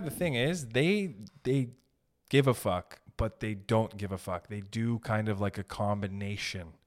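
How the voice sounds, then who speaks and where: Man, podcast host, heated profane rant, mid-range voice, mocking quoted voices. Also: medium pitch. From Canada. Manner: profane, heated ranting with quick acted quotes. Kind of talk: ranting podcast monologue.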